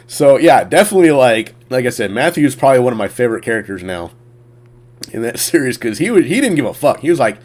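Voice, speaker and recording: A man with a middle-pitched voice, talking casually about games in a loose, rambling way. He stops and restarts often and leans on filler words. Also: sing-song, quick pace. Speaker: gaming streamer. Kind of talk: casual chat.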